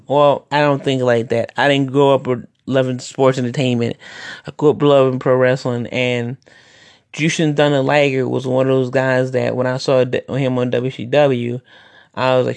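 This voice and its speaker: A man's voice: mid-range voice, flat delivery, moderate pace, vocal fry, dry recording. A man who wrestles, hosting a casual podcast monologue, rambling and opinionated, with many restarts.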